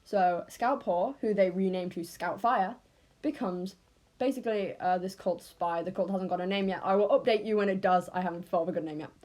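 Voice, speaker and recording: A woman's voice: mid-range voice, fairly quick, a little mellow. Rambling English woman, unscripted. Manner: rambling, self-correcting. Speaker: storyteller. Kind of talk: unscripted casual storytelling.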